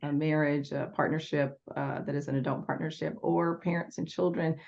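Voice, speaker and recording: Low, gravelly woman patiently explaining. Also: fairly even intonation, fairly quick, a little mellow. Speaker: parenting educator, guest. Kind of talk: interview answers. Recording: dull lo-fi audio.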